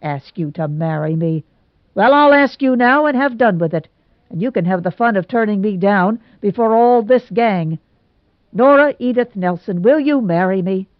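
A woman's voice: medium pitch, expressive, normal speed, dry recording, lightly acted. A woman voicing a sulky, exasperated young man in a storybook reading. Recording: dull lo-fi recording.

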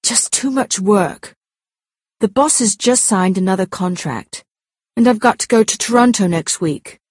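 A woman voicing a weary, glum male lawyer who talks flatly and complains. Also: medium pitch, unhurried, breathy edge, no room sound, studio quality. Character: tired, glum male English commercial lawyer.

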